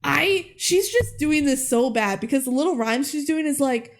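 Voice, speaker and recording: A woman's voice: high-pitched, normal speed. A young adult woman co-hosting a podcast, chatting casually and animatedly as she recaps a movie. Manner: animated, giggly, retells scenes in quoted voices. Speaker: podcast co-host.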